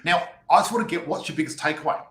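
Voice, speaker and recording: A man's voice: a little high, racing, bright, forceful tone. A man hosting a live stream, talking upbeat and directly to his viewers. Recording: echoey live stream audio.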